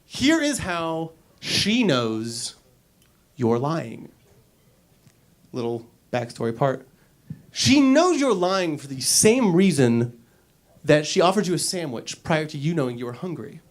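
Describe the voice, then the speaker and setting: A man's voice: a little high, takes it slowly, long pauses. A man doing a stand-up comedy set in a club, acting out little scenes with silly voices. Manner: animated, acts out characters with silly voices.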